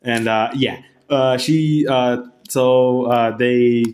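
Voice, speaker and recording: A man's voice: mid-range voice, steady tone, a little mellow. Rambling, profane man telling a story. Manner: rambling, profane, halting restarts. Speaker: vlogger. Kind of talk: casual storytelling.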